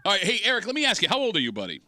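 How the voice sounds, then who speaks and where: A man's voice: high-pitched, huge pitch swings, rapid-fire, sharp tone, no room sound. A man hosting a morning radio call-in show, joking brashly and taking calls. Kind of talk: casual morning radio banter.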